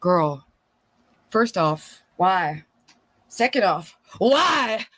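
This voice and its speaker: A woman's voice: mid-range voice, expressive, normal speed, fairly bright tone, no echo. A woman streamer giving gossipy, exclamatory commentary on online drama. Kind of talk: casual commentary.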